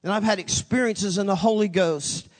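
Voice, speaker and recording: Brief: male pastor, high voice, dramatic storytelling preacher, big reverberant hall. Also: normal speed. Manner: dramatic storytelling, acting out his own voice and God's with wide pitch swings. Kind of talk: sermon. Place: church sanctuary.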